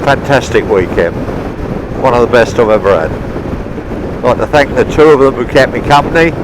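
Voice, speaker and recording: A man's voice: medium pitch, normal speed. Middle-aged guy talking on his bike, cheerful and chatty, helmet mic, lots of wind noise. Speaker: motorbike vlogger. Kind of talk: casual ride commentary. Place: outdoors on a moving motorbike.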